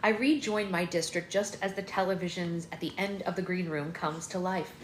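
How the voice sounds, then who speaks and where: A woman's voice: on the low side, moderate pace. Mother reading aloud in an echoey room. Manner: expressive reading, breaks off to coo softly to her baby. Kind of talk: read-aloud narration with asides. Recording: echoey room with background noise.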